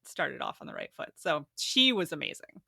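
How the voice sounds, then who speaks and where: A woman guest tells her story in a casual, animated interview. She laughs often as she talks. Her voice is bright and crisp, recorded close on a dry mic. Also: deep voice, normal speed, no room sound. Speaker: podcast guest.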